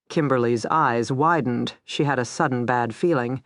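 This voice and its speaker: A woman narrating a crime thriller audiobook in a measured, even storytelling manner. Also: extremely low pitch, no room sound, studio quality.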